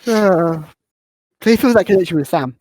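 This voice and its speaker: A woman's voice: on the low side, animated, moderate pace, darkish tone, low-quality recording. A woman hosting a casual podcast, rambling through a film recap and stumbling over her words. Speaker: podcast host.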